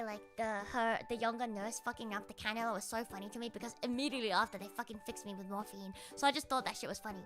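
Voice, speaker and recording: A young woman streamer telling a story casually, animated and full of swearing, often laughing and mimicking other people. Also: fairly high pitch, brisk, few pauses, soft background music.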